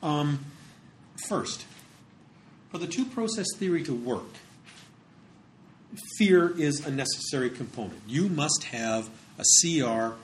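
A man's voice: fairly high pitch, animated, slow, pauses often, slight background noise. A man lecturing in a conversational way, with frequent fillers and repeated words as he explains. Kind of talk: recorded psychology lecture.

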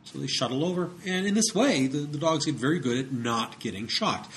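A man's voice: on the high side, expressive, a little fast, a bit bright. A man lecturing in a conversational way, with frequent fillers and repeated words as he explains. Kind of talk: recorded psychology lecture.

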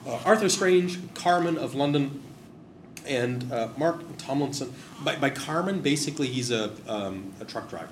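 A man's voice: medium pitch, normal speed. Man rambling in a roomy, noisy space. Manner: rambling, digressive, wry. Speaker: host discussing memorial plaques. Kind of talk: casual explanatory talk. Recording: roomy echo with background noise.

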